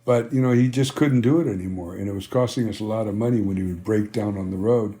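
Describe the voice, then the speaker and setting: Quick and lowish, with a dark tone, an older man who founded a band tells stories during an interview. He wanders, says "you know" a lot, and performs old conversations.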